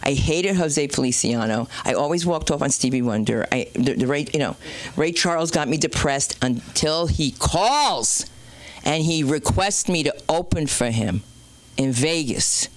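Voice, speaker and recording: A woman comedian hosting an open mic night, telling a rambling stand-up story with swearing and sudden loud and low turns. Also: measured pace, no echo. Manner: animated, swearing, jumps between loud and low. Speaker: comedian and show host. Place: small comedy club stage.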